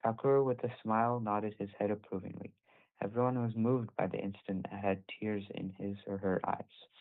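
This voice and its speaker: Low-voiced man reading aloud over a call. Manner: steady reading with small self-corrections. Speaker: reader at a group scripture session. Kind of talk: reading a devotional story aloud. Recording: tinny phone-like call audio.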